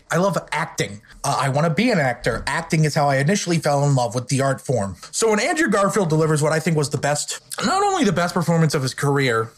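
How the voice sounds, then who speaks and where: Guy hosting a chill movie podcast, kinda high voice, hyped and jokey. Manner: enthusiastic, jokey, self-mocking. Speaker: podcast host. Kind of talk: casual podcast film discussion.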